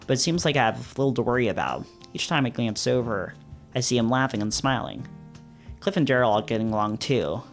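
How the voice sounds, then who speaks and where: Man wryly reading a visual novel. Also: medium pitch. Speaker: let's play host.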